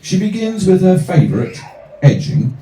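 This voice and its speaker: A man performing comic rhyming poems to a live cafe audience, with wry, deadpan asides between pieces. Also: high-pitched, moderate pace, a little hiss or hum. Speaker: performance poet. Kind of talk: live comic poetry reading. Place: small cafe venue with an audience. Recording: roomy, distant audience recording.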